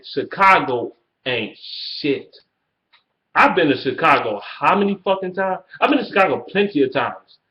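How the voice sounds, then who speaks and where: A man ranting in a fan video, trash-talking the rival team, swearing freely, and jumping into high mocking sing-song taunts. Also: sharp tone. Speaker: sports fan vlogger. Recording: echoey room, dull lo-fi sound.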